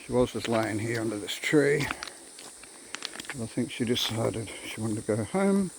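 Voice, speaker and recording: A man's voice: mid-range voice, lively intonation, measured pace, creaky. A man chatting casually into a phone camera outdoors by a creek, rambling and talking to his dogs. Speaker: vlogger. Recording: faint outdoor background noise. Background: faint outdoor nature sounds.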